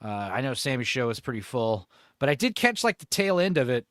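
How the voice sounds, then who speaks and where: A man's voice: medium pitch, a little fast, crowd noise. A man hosting a casual livestream, rambling and chuckling as he chats. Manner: rambling, chuckling, with lively intonation. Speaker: streamer host.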